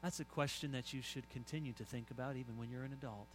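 A middle-aged man preaching a sermon, telling stories and swinging from soft asides to loud emphasis. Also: medium pitch, fairly even intonation, fast, a little hiss or hum, low-quality recording. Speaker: pastor.

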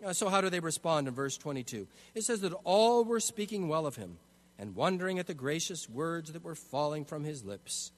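A man's voice: a little high, animated, moderate pace. A man preaching an expository sermon, emphatic, often restarting his phrases. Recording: long hall reverb.

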